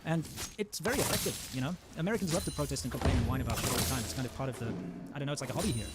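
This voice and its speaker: Fast-talking man rambling. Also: mid-range voice, heavy background noise. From South Africa. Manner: rambling and digressive, many ums. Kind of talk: opinion monologue. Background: loud metal music.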